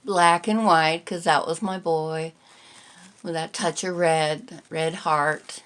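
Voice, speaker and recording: An older woman hosting a reflective personal vlog, talking in a gentle, tender way that rambles with pauses. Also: deep voice, steady tone, clean tone. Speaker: vlog host.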